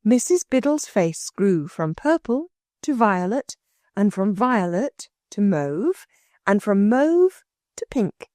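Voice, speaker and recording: A woman narrating an audiobook in an expressive storytelling manner. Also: medium pitch, takes it slowly, no echo, clean studio sound. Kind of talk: scripted narration.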